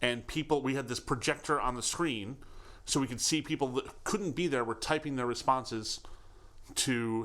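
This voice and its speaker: A man in his forties, raised in Connecticut, chatting casually as a podcast co-host. He talks at an average pitch, laughs easily and gets into his stories with real enthusiasm. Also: moderate pace, fairly bright tone. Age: 40s. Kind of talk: casual chat.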